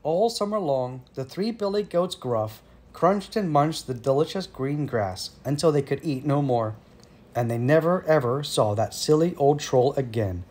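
Expressive male storyteller, children's book, voice a touch high. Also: a little slow. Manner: lively, expressive. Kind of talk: reading a children's story aloud.

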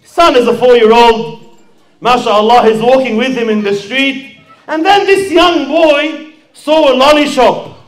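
A fundraising preacher from Sydney gives an impassioned sermon, calling out to the audience and acting out a story. His voice is extremely high, and he speaks at a measured pace.

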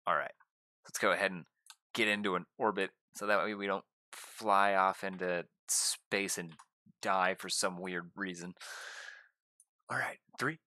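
Excitable young male streamer, lowish pitch, bright forceful tone, dry close mic, gushing to viewers. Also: a little slow, no echo. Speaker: gaming YouTuber. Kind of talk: casual gameplay commentary.

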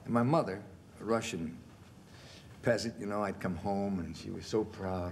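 A man in his sixties, a film actor as a television interview guest, telling stories in a lively way and acting out the quotes. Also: fairly low pitch, moderate pace, creaky. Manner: animated storyteller, acts out quotes, chuckles. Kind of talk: relaxed anecdotal storytelling. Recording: faint background noise, 1970s television interview.

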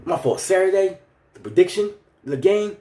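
A man's voice: high-pitched, expressive, moderate pace, mellow. Ranting man in a roomy space. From Philadelphia. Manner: heated, ranting, street slang. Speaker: vlogger. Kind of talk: sports fan rant.

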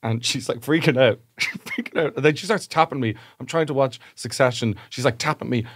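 A man's voice: medium pitch, fairly quick, fairly bright tone, slightly rough, no echo, clean studio sound. A young Irish man, a podcast co-host, telling a rambling anecdote with laughs and acted-out voices. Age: young adult. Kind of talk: casual chat, storytelling.

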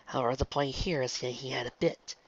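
A man voicing a remorseful, regal female pony princess, speaking in a soft, measured way. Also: medium pitch, steady tone, slight background noise, close to an everyday voice. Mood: solemn. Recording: dull lo-fi, dry.

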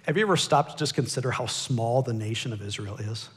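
An American man preaching a sermon, swinging from loud pleading cries to hushed asides. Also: mid-range voice, quick pace, husky. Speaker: pastor. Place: church sanctuary.

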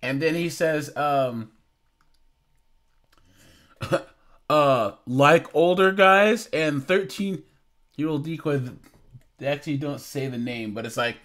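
A man's voice: medium pitch, slow pace, pauses often. A young man hosting a casual reaction commentary, amused and incredulous, often laughing as he reads out chat logs. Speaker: commentary channel host.

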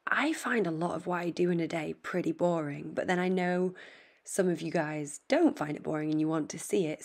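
A young woman, under the weather with a bad cold, chats casually to her camera with a faint lisp. Her voice sits slightly low, and she rambles in a relaxed, self-mocking way. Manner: chatty, rambling, self-deprecating. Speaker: equestrian vlogger. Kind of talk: casual vlog chat.

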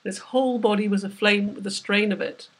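A woman's voice: medium pitch, steady tone, fairly quick, slightly rough. A woman, the author, reading aloud from her novel with vivid, dramatic storytelling. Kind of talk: literary reading.

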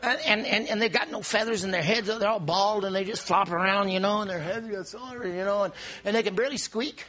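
A man preaching a sermon in an animated, exclaiming style, often restarting his sentences and breaking into shouts. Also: high-pitched, brisk.

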